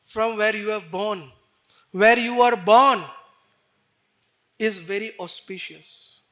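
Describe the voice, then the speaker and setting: A man voicing a devoted royal mother who speaks slowly and earnestly. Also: high voice, bright, forceful tone, exaggerated voice.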